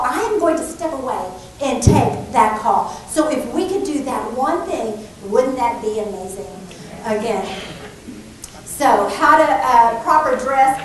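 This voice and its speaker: A high-voiced woman with a Texas Southern drawl presents to a crowd, lively and chatty, joking with her listeners. The sound is recorded from a distance in a hall with heavy echo and a faint hiss behind her. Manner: lively, chatty, jokes with the audience. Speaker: business etiquette speaker. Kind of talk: conference presentation. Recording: echoey hall audio from far off, faint background noise.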